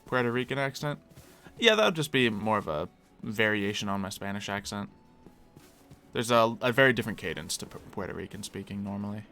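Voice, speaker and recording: A man's voice: fairly low pitch, expressive, fairly quick, bright, forceful tone, soft background music. An American man streaming live, chatting casually and answering requests from his chat. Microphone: desk mic.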